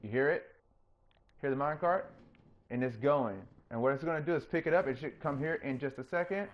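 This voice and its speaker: A man hosting his own gaming channel, chatting casually through his gameplay and getting openly excited when things work. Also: fairly quick. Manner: coaxes the game character in a higher, playful voice.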